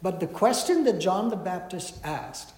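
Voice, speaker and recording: A man preaching a sermon in a measured, emphatic way with dramatic pauses, heard in a large hall. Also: sits high, big pitch swings, darkish tone. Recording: echoey hall.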